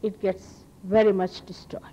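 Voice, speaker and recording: This archival talk recording captures a spiritual teacher, a woman with an Indian accent, lecturing an audience. Her medium-pitched, mellow voice is flat and moves at a normal speed, yet she is earnest and emphatic, repeating phrases for stress. The audio is dull.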